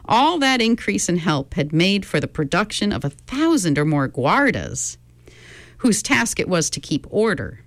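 A woman's voice: lowish voice, big pitch swings, a little slow, no room sound. A woman reading a storybook aloud, giving each character their own voice.

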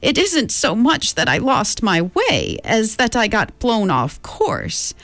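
A woman voicing an eccentric, cheerful old woman tramp with a creaky voice like an unoiled gate, drawn out and fond. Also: on the high side, wildly swooping pitch, fairly bright tone, no room sound, pitched above the performer's own voice, full character voice. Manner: fond, chattering, slow and drawn out.

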